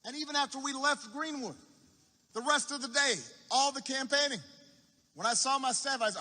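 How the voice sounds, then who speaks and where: A man speaking at a campaign rally, telling a story slowly, repeating words for effect and restarting mid-phrase. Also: very high voice, sharp tone. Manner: unhurried anecdote with repetition for effect and halting restarts. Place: large university arena. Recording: echoey arena with long reverb.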